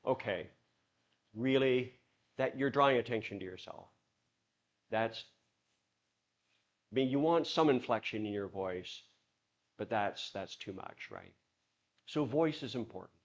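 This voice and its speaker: A man leading a church workshop, talking to the audience with lively examples. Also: lowish voice, a little slow, vocal fry, pauses often, highs cut off. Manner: animated, acts out examples in put-on voices. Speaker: workshop leader.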